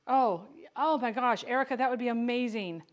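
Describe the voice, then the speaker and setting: A woman's voice: on the high side, moderate pace, muffled recording. A woman chatting casually with viewers while she cans beans. She jokes and teases herself as she works. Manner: chatty, joking, self-teasing, talks to viewers by name. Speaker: home canning vlogger. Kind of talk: casual cooking livestream chat.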